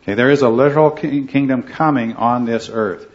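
Heard on a dull, lo-fi recording, a man with a brisk, mid-range voice teaches a group Bible study. He guides the discussion earnestly, regularly checking in with "right?" and "okay."

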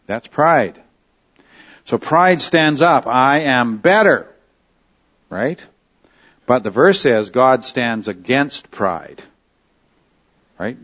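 Man teaching a sermon, slightly dull sound. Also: medium pitch. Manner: conversational, asks the room questions; slows down to stress key phrases. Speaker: pastor.

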